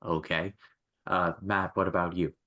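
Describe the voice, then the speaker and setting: A man's voice: sits low, level tone, measured pace, pushed and bright. A man hosting a casual podcast, rambling with lots of fillers and restarts. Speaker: podcast host. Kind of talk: casual chat.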